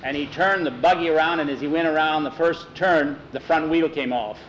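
A man tells a spoken story with lively delivery and slips into character voices. His voice sits a touch high, and faint ambience hums behind him. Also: a little fast, a little hiss or hum, rough recording.

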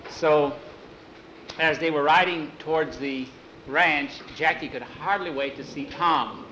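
A man spins a western yarn in a folksy, unhurried way, fixing slips as he goes. His voice sits a little high. A faint background hiss runs throughout. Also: sharp tone, rough recording. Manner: unhurried, folksy, self-correcting. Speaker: storyteller. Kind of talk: oral storytelling.

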